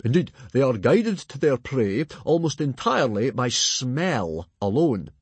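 A man voicing a blustering, hearty Viking chief who talks with booming enthusiasm. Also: sing-song, measured pace, slightly rough, no echo, heavily acted.

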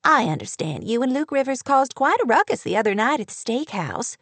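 A woman's voice: fairly high pitch, sing-song, fairly quick, fairly bright tone, dry recording, voice pushed up, full character voice. A prim, curious church secretary fishing for news, as a woman narrator puts her on. Her tone is raised and proper. Dry, close sound. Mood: prying.

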